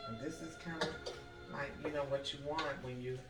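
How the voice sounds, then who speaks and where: In a casual home cooking demonstration, a woman with a low, steady voice walks the viewer through each step, chatting and asking "okay?" again and again. The recording carries kitchen echo and background music.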